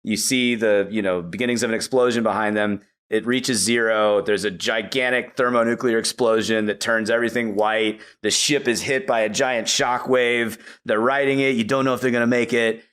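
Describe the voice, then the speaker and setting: A man's voice: on the low side, normal speed, few pauses, smooth. A man on a podcast, eagerly retelling a movie plot in a casual way, full of "like" and "you know.". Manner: animated storytelling with many "like" and "you know" fillers. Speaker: podcast guest.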